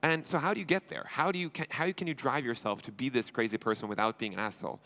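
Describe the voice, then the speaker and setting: A man's voice: mid-range voice, steady tone, quick pace, pushed and bright. A man from Sweden, giving a blunt, informal conference talk as an entrepreneur and investor, acting out dialogues and swearing. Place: conference stage.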